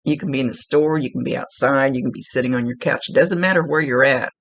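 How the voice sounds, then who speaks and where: A woman with a rumbling low voice talks fast, recorded with no echo. She is a psychic medium giving a client a spirit reading, rambling along as she searches for words and restarts her sentences.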